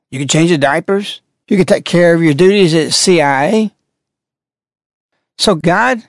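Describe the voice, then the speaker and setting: A man's voice: high voice, no echo, clean studio sound. An older man, a religious broadcaster, commenting sarcastically and mockingly on clips he plays.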